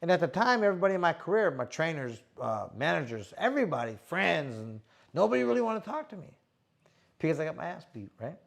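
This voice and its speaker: Gravelly, slangy retired boxer telling stories. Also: male voice, fairly high pitch, quick pace. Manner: animated, slangy, acts out quotes. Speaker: boxer and show host. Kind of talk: casual storytelling chat.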